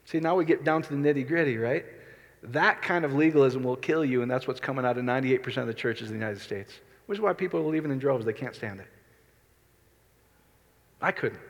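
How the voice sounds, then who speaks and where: Man, pastor, conversational sermon, asks the crowd questions, mid-pitched voice, echoing hall. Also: fairly quick. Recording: reverberant hall.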